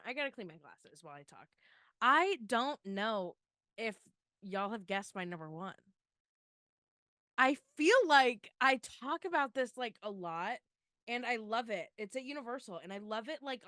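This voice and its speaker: A young woman on a podcast mic gushes in a casual, emotional way and keeps saying "like." Her voice is bright and smooth. The sound is dry and close. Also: a little high, dry recording. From Florida. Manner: gushing, tearful excitement, lots of "like". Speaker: podcast co-host.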